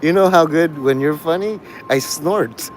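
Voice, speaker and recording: A man's voice: fairly high pitch, moderate pace, soft background music. A man hosting a casual livestream, rambling, laughing often and swearing freely. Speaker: livestream host.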